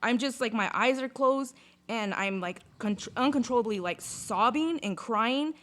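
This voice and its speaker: A woman in casual conversation, telling a personal story in a lively, chatty way, with lots of "like" and some swearing. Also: fairly high pitch, a little slow. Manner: chatty, full of "like", swears freely; lively retelling, acts out sounds and inner voices. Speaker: podcast guest.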